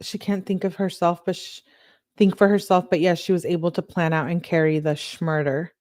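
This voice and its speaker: A woman's voice: on the low side, level tone, normal speed, a little mellow, no room sound, studio quality. A woman hosting a true crime channel, reading text messages aloud and adding sarcastic, offhand remarks.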